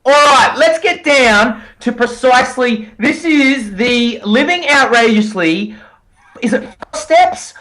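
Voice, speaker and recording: An energetic man co-hosting a casual podcast, his voice sitting high and swooping widely as he jokes and riffs. He teases his partner playfully, talking over a call. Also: slow pace, poor audio. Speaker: podcast co-host.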